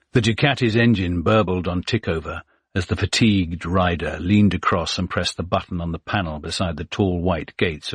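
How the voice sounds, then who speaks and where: A man narrating a thriller audiobook in a measured, even storytelling manner. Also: deep voice, breathy edge, dry recording.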